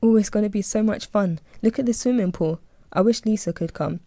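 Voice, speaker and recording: A woman's voice: mid-range voice, a little fast, dark tone, dry recording, clean studio sound, pitched above the performer's own voice, lightly acted. A woman voicing a cheeky, bubbly young woman friend in an audiobook. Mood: excited. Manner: teasing, bubbly. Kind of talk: audiobook reading.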